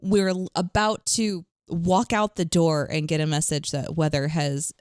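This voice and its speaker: A woman chatting on her podcast with a somewhat low voice that still has a morning roughness. She talks warmly to listeners and laughs often. The recording is close and dry. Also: little pitch movement, unhurried, dry recording. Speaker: podcast co-host. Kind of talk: casual chat.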